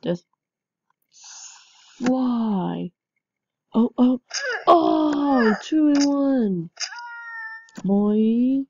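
A woman giving casual game commentary, excitable, with frequent yelps and laughs. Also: on the high side, very slow, long pauses, husky, no room sound, lo-fi sound. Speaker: gameplay commentator.

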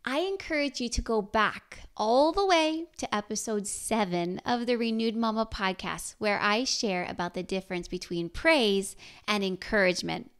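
A middle-aged woman hosting a parenting podcast, speaking in a gentle, encouraging way and asking her listeners questions. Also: medium pitch, moderate pace, hardly any pauses, smooth. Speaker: podcast host.

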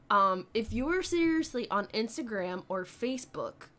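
A giggly young woman chatting casually on a live stream while she plays, reading her chat aloud. Her voice sits a little high and swoops about, and she takes her time between thoughts. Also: bright, forceful tone.

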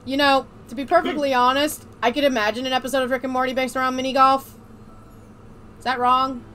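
A woman's voice: sits high, fairly quick, a little hiss or hum. A woman hosting a casual gaming chat, telling stories playfully. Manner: playful, animated storytelling. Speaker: host.

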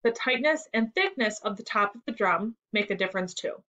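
A woman reading the lines of a patient adult male musician who explains clearly. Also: medium pitch, lively intonation, fairly quick, pushed and bright, highs cut off. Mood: explaining.

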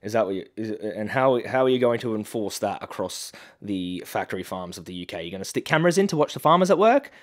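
A man's voice: on the low side, animated, quick pace, hardly any pauses. A man reacting to political clips with sarcastic, mocking and indignant commentary. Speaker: activist commentator.

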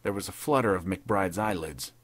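Low-voiced man reading pulp fiction. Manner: measured, dramatic storytelling. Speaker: podcast narrator.

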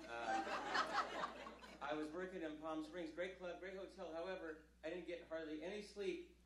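A man's voice: fairly high pitch, noisy background. A man from Northern California doing a rambling, self-deprecating stand-up set on a comedy club stage. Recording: live club recording, roomy with crowd.

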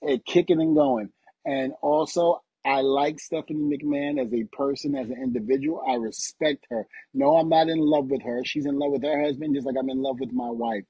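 A man's voice: a little high, moderate pace, slightly rough, dry recording, muffled recording. A middle-aged man, a retired wrestler, chatting as a podcast guest and acting out quotes as he tells stories. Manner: animated storytelling, acts out quotes. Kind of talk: casual interview chat.

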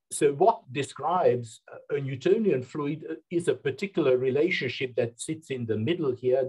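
A man's voice: medium pitch, darkish tone, breathy edge. A man giving an academic seminar lecture over a webinar, explaining step by step with frequent hesitations. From United Kingdom. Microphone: webinar computer mic.

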